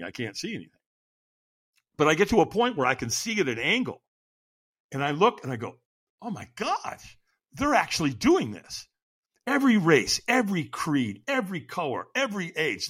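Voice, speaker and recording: A man's voice: fairly high pitch, pushed and bright, slightly rough. A middle-aged man telling a story as a podcast guest, dramatic, acting out quoted lines with big jumps in his voice. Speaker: podcast guest, firewalk instructor. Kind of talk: animated storytelling.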